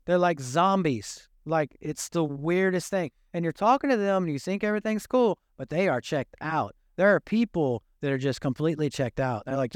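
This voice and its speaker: An older pastor with a drawl delivers a sermon as though chatting with his congregation, joking and animated as he talks fairly quickly with hardly any pauses. His voice is high for a man, smooth and resonant, recorded close and dry with no room echo.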